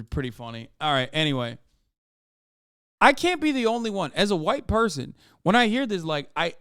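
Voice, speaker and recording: Exasperated ranting man, smooth dry voice. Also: fairly high pitch, fairly bright tone, no echo. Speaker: streamer reacting to clips. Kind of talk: live-stream reaction commentary.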